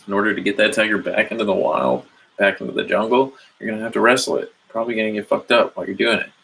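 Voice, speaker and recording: A man's voice: on the low side, fast talker, gravelly, a bit bright, slightly rough, low-quality recording. A man giving a rambling, earnest motivational monologue about inner growth, swearing casually as he talks. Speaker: spiritual self-help speaker.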